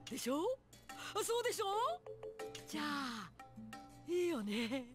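An actress voicing an excitable, eccentric young female scientist in a game, wheedling and whooping. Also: sits high, brisk. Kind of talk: Japanese anime game voice acting. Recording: game audio with loud music.

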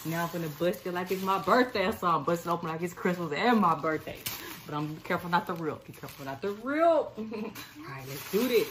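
A woman's voice: fairly low pitch, animated, fairly quick, few pauses, fairly bright tone, a little hiss or hum. Gushing, laughing woman unboxing on her phone. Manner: gushing, laughing, teasing, repeats herself. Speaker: vlogger unboxing makeup. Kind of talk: casual excited unboxing chat. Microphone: phone camera.

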